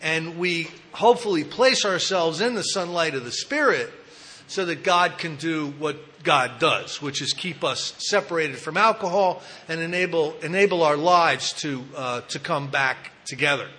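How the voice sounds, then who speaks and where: A man's voice: on the high side, moderate pace, sharp tone. A man giving a personal recovery talk, telling his story candidly with self-mocking humor. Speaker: recovery speaker at a support meeting.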